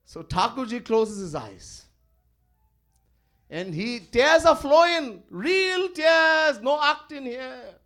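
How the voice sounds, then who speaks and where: A man preaching as a swami in a storytelling sermon. His voice is high and very animated, and he chuckles as he goes. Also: slow pace, faint music behind.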